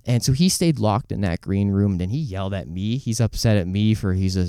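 Man telling a story on a podcast, mellow and crisp. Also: fairly low pitch, fairly quick, hardly any pauses, no room sound, clean studio sound. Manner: storytelling, animated retellings with quoted voices; loose, says "dude" and "like" a lot. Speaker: podcast host. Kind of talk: casual podcast chat.

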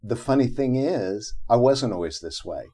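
A man's voice: mid-range voice, moderate pace, slightly rough. A middle-aged man, an interview guest, telling a personal story in conversation and acting out the quotes in it. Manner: animated, acts out quotes from his own story.

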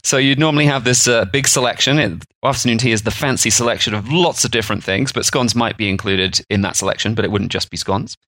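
Male co-host, mid pitch, rambling and chatty, dry close sound. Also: fast, few pauses, pushed and bright, no room sound. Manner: rambling, chatty storytelling with fillers. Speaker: podcast co-host. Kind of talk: casual explanatory chat.

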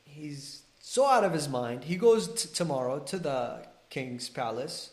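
A man, a religious scholar, telling a story on a podcast in an animated way and acting out the dialogue. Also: on the high side, a little slow, roomy sound.

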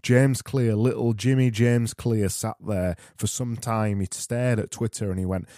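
A man's voice: on the low side, steady tone, a little slow, mellow, no room sound, clean studio sound. Sarcastic Yorkshire man hosting a podcast. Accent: Barnsley, Yorkshire. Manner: rambling, self-mocking and sarcastic. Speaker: podcast host. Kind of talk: solo podcast with quiz segments.

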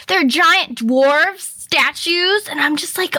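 A woman recounts a memory in a casual chat and plays back her own reactions with lively surprise. Her voice is bright and rather high. The sound is dry and close. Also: slow, few pauses, no echo. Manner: animated, acts out her own past reactions. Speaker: podcast guest. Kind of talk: casual storytelling.

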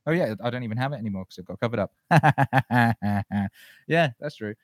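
A man's voice: mid-range voice, lively intonation, moderate pace, no room sound, studio quality. A man hosting a listener question show, chatting loosely and profanely, rambling with frequent restarts. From England. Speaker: podcast host answering listener questions. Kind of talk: casual solo chat.

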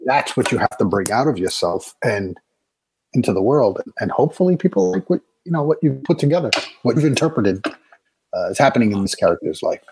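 A man talking thoughtfully about acting, often pausing and restarting his sentences. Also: mid-range voice, sing-song, background noise. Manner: thoughtful, halting, many restarts and fillers. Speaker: actor being interviewed. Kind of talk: casual conversation.

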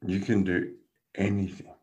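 A man's voice: low voice, measured pace, lo-fi sound. A man, a guest casually telling a story and laughing through it. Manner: animated, laughs through his stories.

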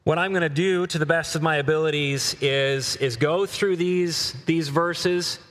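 A middle-aged male preacher giving a sermon, earnestly reading scripture aloud with slow emphasis. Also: fairly high pitch, fairly even intonation, fairly bright tone, big-room sound.

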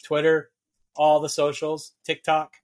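A man's voice: fairly high pitch, completely flat delivery, a little slow, a little mellow. A man co-hosting a casual geek podcast, rambling and laughing often. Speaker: podcast co-host. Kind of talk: casual chat.

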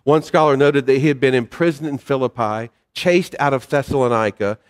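A man preaching a sermon as pastor, relaxed and conversational, with fillers and personal stories. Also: mid-range voice, brisk, in a large hall.

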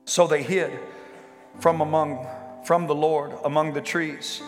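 A male pastor preaching a sermon to a congregation, building to impassioned shouting and repeated rhetorical questions. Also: on the high side, steady tone, unhurried, soft background music. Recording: live sermon in a reverberant hall with faint instrument.

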